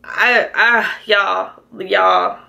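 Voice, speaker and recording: Young woman, vlogger, emotional and chatty, bright voice with some fry. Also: mid-range voice, fairly even intonation, extremely slow. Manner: emotional, close to tears; chatty, many "like"s and "y'all". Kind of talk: casual storytime monologue.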